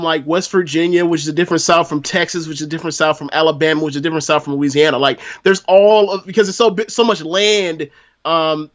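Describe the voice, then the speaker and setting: A man's voice: high-pitched, a bit bright, dull audio. A man from Florida, a podcast guest, chatting casually and talking around his points with lots of fillers. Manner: talkative, full of fillers. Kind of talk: casual wrestling review chat.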